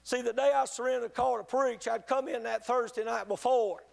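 A man preaching a sermon, telling a testimony in an earnest, halting way with many restarts. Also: extremely high pitch, fairly even intonation, gravelly. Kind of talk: sermon storytelling.

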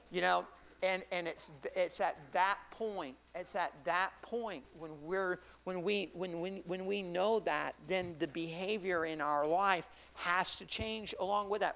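A man preaching a sermon. He acts out Bible scenes and swings between loud, excited stretches and hushed, quiet ones. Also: sits high, gravelly.

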